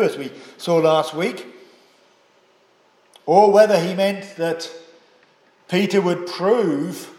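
Man preaching in an echoey hall. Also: on the high side. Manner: measured, emphatic, rhetorical questions. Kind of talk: sermon.

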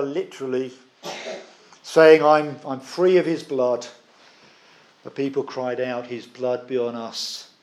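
A man preaching a sermon, earnest and emphatic, with measured pauses. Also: medium pitch, darkish tone.

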